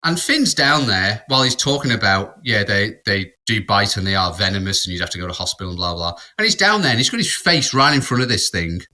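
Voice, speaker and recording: Bright-voiced man telling a rambling story. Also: lowish voice, lively intonation, a little fast, few pauses. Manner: rambling anecdote with laughs and restarts. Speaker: podcast co-host. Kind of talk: casual storytelling.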